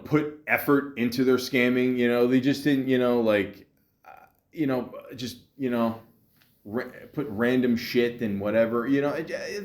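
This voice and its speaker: This is a man hosting a solo podcast in a loose, conversational way. He rambles and restarts his sentences often, with a dry, mocking edge. His voice sits at an ordinary middle pitch for a man. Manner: rambling, sarcastic, many fillers and restarts. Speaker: podcast host. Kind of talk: casual solo podcast monologue. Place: home in a city, street sounds outside.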